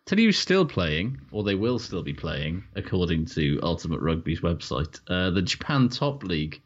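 A man co-hosting a casual podcast, relaxed and quick to laugh. His voice is very deep, and the recording sounds dull and lo-fi. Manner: easygoing, laughs often, says mate and bloke. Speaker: podcast co-host.

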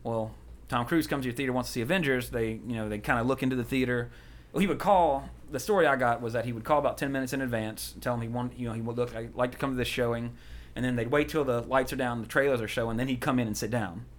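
A man rattles through a rambling story on a podcast. He talks quickly and casually, often breaking into laughter. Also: medium pitch. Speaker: podcast co-host. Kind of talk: casual chat.

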